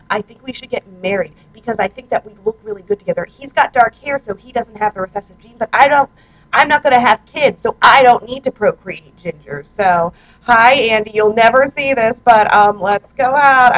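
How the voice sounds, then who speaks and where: Young woman vlogger, fairly high voice, loose rambling chat, jokey and self-deprecating, recorded at home on a handheld recorder. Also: normal speed, muffled recording. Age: 20s. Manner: rambling, chatty and self-mocking. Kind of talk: casual chat reading out her own posts. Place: her apartment, indoors.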